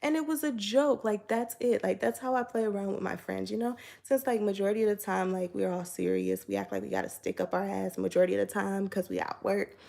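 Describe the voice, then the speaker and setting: A woman's voice: mid-range voice, sing-song, fast talker, vocal fry, hardly any pauses, dark tone. A young woman telling a personal story in a chatty, casual storytime vlog, full of "like" and acting out both sides of conversations. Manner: chatty, filler-heavy, acts out both sides of dialogue. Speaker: YouTuber.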